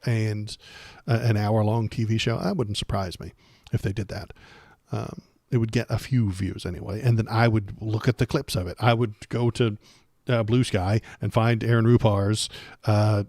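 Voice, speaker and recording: A man's voice: on the low side, fairly even intonation, moderate pace, a little mellow, no echo, clean studio sound. A man hosting a casual political livestream, talking sarcastically and rambling with many fillers and restarts.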